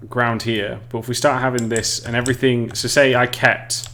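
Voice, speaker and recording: A man's voice: medium pitch, level tone, moderate pace, fairly bright tone, slight background noise. An English man casually explaining game level design on a live stream, chatting with viewers and often restarting sentences. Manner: chatty, reads chat aloud, frequent restarts and laughs.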